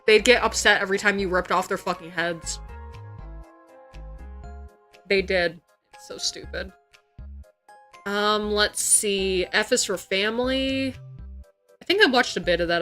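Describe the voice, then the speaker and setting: A woman's voice: mid-range voice, a bit bright. Woman, young adult, livestreamer, casual chat, frequent swearing, incredulous reactions, faint background music. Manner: swears freely, exclaims in disbelief.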